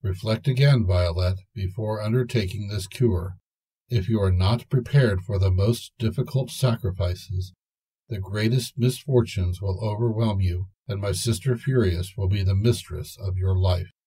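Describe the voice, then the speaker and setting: A man voicing a kindly but solemn female fairy, speaking slowly in a measured, warning way. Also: on the low side, dark tone, breathy edge, rough recording.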